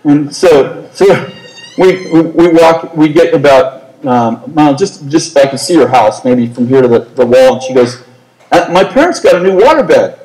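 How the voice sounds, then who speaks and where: A male preacher telling a story in an animated, self-mocking comic way during a sermon. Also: mid-range voice, a little slow, echoey room, low-quality recording.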